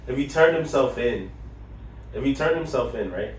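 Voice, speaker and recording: Man, podcast co-host, excitable, repeats words, slangy, echoing room, away from the mic. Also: medium pitch, moderate pace, distant mic. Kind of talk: casual chat.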